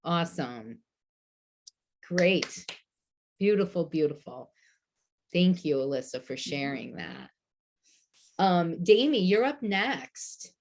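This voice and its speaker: A woman's voice: on the low side, expressive, slow, long pauses, a little mellow. A woman hosting a video call panel, enthusiastic and full of praise for her guests. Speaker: host.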